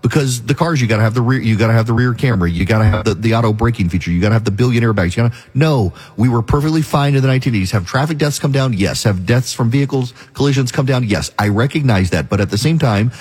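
A man's voice: medium pitch, fast, hardly any pauses, a little mellow, slightly rough. A man hosting a talk radio show, delivering an opinionated, emphatic monologue.

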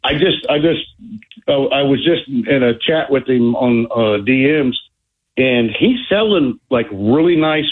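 A man calling in to a radio show, talking in a halting way full of fillers over a phone line. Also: mid-range voice, lively intonation. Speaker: caller. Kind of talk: casual phone call.

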